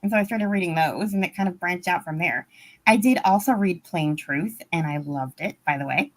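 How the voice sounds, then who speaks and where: A woman's voice: fairly low pitch, normal speed. A woman guest on a video-call book chat, talking frankly and conversationally with many fillers, through a laptop microphone. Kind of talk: casual chat. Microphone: laptop mic on a video call.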